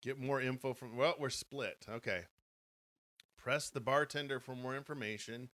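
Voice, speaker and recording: A man's voice: medium pitch, moderate pace, pushed and bright. Jokey man running a podcast vote. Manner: upbeat and joking, laughs often, runs listener votes. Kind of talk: live podcast chat.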